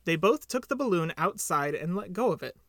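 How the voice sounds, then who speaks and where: A man reads a children's story aloud with a lively, lilting delivery and plenty of rise and fall in pitch. The sound is close and dry, with no room echo. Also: brisk. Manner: expressive, lilting. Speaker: reader. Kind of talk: storybook narration.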